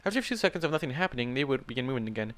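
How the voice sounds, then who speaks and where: Smooth-voiced man reading fan fiction. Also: medium pitch, animated, racing, fairly bright tone. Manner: casual, swears and reacts mid-reading. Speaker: fanfic reader.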